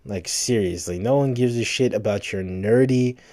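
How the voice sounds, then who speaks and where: A man's voice: fairly low pitch, normal speed, a little mellow, dry recording. A tired man ranting, profane and rambling, full of false starts and repeated words. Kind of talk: ranting to camera.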